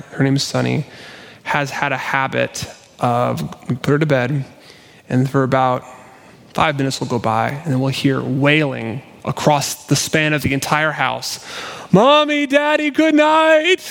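A man's voice: on the high side, creaky. A male pastor giving a sermon in an earnest, conversational, self-deprecating way. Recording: long reverb of a church hall.

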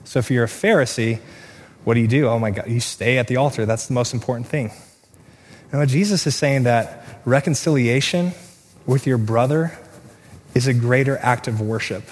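A man's voice: mid-range voice, darkish tone. Man, pastor, earnest sermon, long church reverb, faint room hiss. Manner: earnest preaching, rising emphasis, shifts between quick asides and slow stresses. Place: church sanctuary.

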